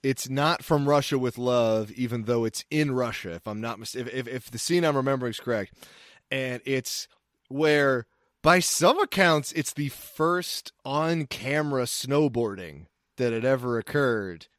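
A man's voice: medium pitch, measured pace, a bit bright, no echo. Crude rambling man, dry close sound. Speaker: podcast co-host. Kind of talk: casual chat.

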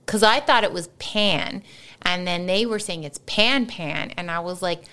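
A woman co-hosting a podcast, chatting casually in an animated way, laughing often and swearing freely. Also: fairly low pitch, moderate pace, clear, resonant tone. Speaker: podcast co-host. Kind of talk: casual chat.

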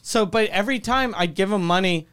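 A man co-hosting a podcast, telling stories in casual chat, animated and swearing freely. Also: high-pitched, fairly quick, clean tone. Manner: profane, animated storytelling. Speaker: podcast co-host.

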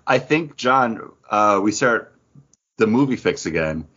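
Husky-voiced man chatting casually. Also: on the low side, animated, a little slow, fairly bright tone, dull audio. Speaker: podcast co-host. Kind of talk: casual chat.

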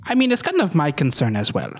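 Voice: mid-range voice, wildly swooping pitch, quick pace. A tabletop game player answering with dry, defiant banter.

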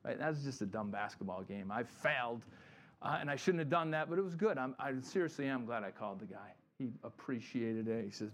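A man's voice: medium pitch, fairly quick. A middle-aged man, a pastor, giving a conversational sermon and acting out the people in his stories. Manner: animated storytelling, acts out quotes.

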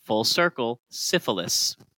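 A man's voice: medium pitch, sing-song, measured pace, bright, forceful tone, dry recording, poor audio. A man co-hosting a casual podcast, telling chemistry history in a playful, joking way. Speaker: podcast co-host.

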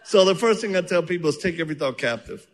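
A man who is an evangelist answering questions on stage in a church, animated and joking as he tells stories from his ministry. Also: fairly high pitch, fast talker. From outside the United States. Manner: animated storyteller, joking and earnest. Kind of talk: testimony-filled Q&A answers. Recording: long reverb of a large church hall.

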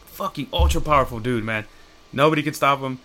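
A man's voice: medium pitch, fairly quick, bright, forceful tone. A man in casual chat, rambling and swearing as he retells comic storylines and acts out the characters' lines.

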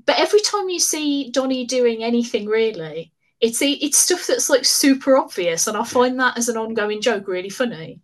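A woman's voice: a little high, lively intonation, normal speed. A woman, a podcast guest, chatting casually and animatedly with many fillers and frequent laughter. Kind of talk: casual chat.

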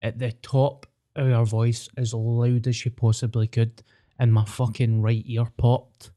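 Young Glaswegian male co-host, mellow tone, sweary storyteller. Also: mid-range voice, level tone, measured pace. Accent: Scottish, Glaswegian. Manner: sweary, storytelling, acts out voices. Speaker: podcast co-host. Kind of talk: casual chat.

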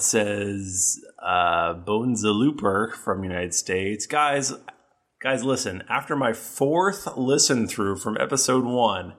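A man's voice: mid-range voice, a bit bright. A man co-hosting a podcast, reading listener reviews aloud in a loose, playful, slightly tipsy way. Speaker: podcast co-host.

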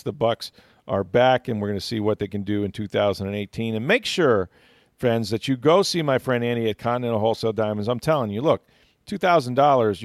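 A man's voice: medium pitch, no room sound, clean studio sound. A man hosting a casual sports podcast, chatting easily with plenty of ums and uhs. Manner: relaxed storytelling with many fillers. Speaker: podcast host.

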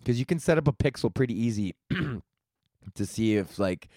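A man's voice: medium pitch, lively intonation, moderate pace, warm tone, no room sound, clean studio sound. A young man hosting a comedy podcast, rambling through a crude, slangy monologue and laughing at his own jokes.

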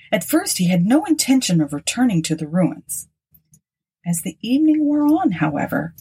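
A woman narrating an old tale as an audiobook, in a measured, expressive way. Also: lowish voice, husky.

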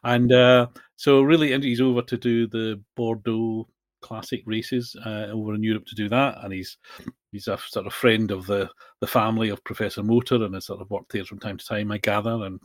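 A man's voice: lowish voice, fairly even intonation, a little fast, no room sound. Chatty man, rambling podcast talk. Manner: chatty, rambling, searches for words. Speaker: podcast co-host. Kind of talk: casual chat.

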